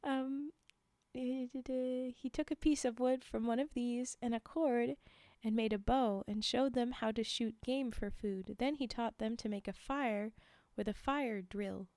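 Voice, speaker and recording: A young adult woman reading folktales aloud on a livestream, chatty, pausing for casual asides and fillers. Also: on the high side, steady tone, darkish tone, no echo, clean studio sound. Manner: chatty, frequent laughs and fillers while reading. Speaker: livestream storyteller.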